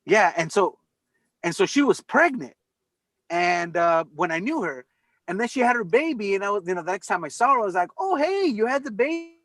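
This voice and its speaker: A man chatting casually over a video call, telling animated stories and swearing freely. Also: sits high, brisk, dry recording. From California. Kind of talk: casual chat.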